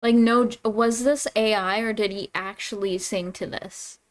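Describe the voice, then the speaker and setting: A woman from Toronto, a streamer, chatting casually and excitedly as she reacts, laughing and exclaiming often. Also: medium pitch, a little slow. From Toronto, Canada. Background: song playing quietly.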